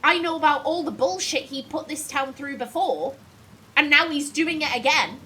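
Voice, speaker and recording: A woman's voice: sits high, lively intonation, moderate pace, pushed and bright, slight background noise, rough recording. A woman voicing an indignant village priest, grumbling in her own everyday voice.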